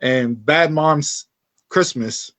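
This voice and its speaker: A man in his thirties co-hosting a casual podcast, telling a story with lively acted-out quotes. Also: fairly high pitch, drawn-out words, no echo. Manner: animated storyteller, acts out quotes. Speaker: podcast co-host.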